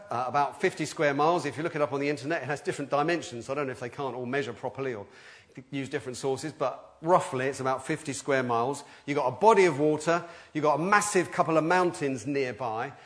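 A middle-aged man delivers a sermon in a fairly high voice. He talks to the congregation casually and animatedly. He often jumps into loud, dramatic impressions of the people in his story. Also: fast. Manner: animated, acts out quoted voices with sudden loud outbursts. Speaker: preacher.

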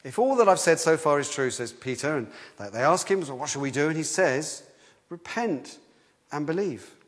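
A man preaching a sermon in a lively, conversational way, often restarting his sentences. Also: a little high, fairly quick. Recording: long hall reverb.

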